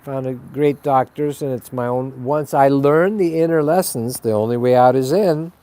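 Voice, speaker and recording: A man's voice: mid-range voice, normal speed, warm tone, no room sound. A man hosting a spiritual webcast, talking in a rambling, blunt and profane monologue. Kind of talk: casual spoken monologue.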